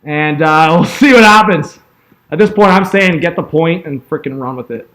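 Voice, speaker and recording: A young man calling a hockey game as an excitable fan streamer, yelling at big plays and chatting with viewers. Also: fairly high pitch, moderate pace. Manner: yells and laughs at big plays, chats with viewers. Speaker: fan streamer doing live play-by-play. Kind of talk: excitable fan play-by-play commentary.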